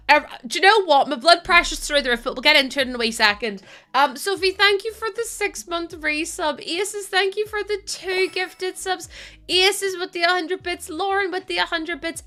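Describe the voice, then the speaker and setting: Bright, high-voiced woman streamer. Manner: giggly, exclaiming, thanking viewers by name. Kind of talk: casual live-stream chat. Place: home, indoors.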